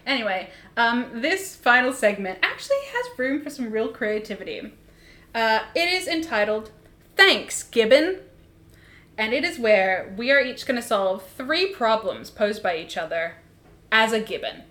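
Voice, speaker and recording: A woman's voice: fairly high pitch, sing-song, moderate pace, a bit bright. A woman co-hosting a podcast, joking dryly and laughing at her own lines. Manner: dry, wry, laughs at her own jokes. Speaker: podcast co-host. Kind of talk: casual comedic chat.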